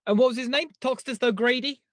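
A man co-hosting a podcast in casual chat, animated, jokey and self-mocking. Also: very high-pitched, fast, dry recording, clean studio sound. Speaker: podcast co-host.

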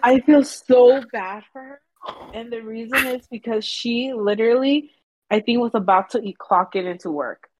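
A woman's voice: on the high side, moderate pace, a little mellow, a little hiss or hum, low-quality recording. A woman recounting events to friends in casual chat, earnest and rambling. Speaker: friend telling a story. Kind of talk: casual storytelling among friends.

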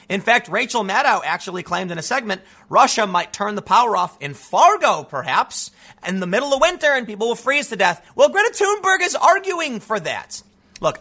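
High, animated man ranting. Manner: emphatic, combative, casual asides like "man". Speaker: political commentator. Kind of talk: ranting commentary.

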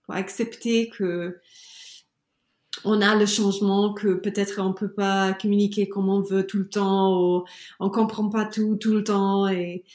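A woman in her thirties, a podcast guest, speaking in casual mixed English and French, conversational and lively when she jokes. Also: medium pitch, normal speed, reverberant. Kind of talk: casual bilingual chat.

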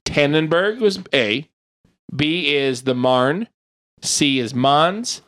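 A man hosting a casual podcast quiz, reading questions out slowly and joking with the players. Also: on the high side. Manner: reads quiz options slowly, lively and jokey. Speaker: quiz host.

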